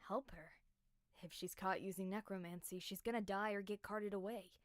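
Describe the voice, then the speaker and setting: A woman voicing a stern adviser, with a blunt, flat delivery. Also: medium pitch, normal speed, no room sound, studio quality, close to an everyday voice. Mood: warning.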